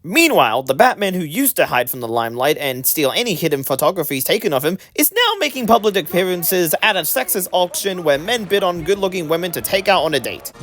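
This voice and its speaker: A reviewer narrating a scripted comedic film recap with a sarcastic, lively delivery. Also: mid-range voice, a little fast, hardly any pauses, dry recording.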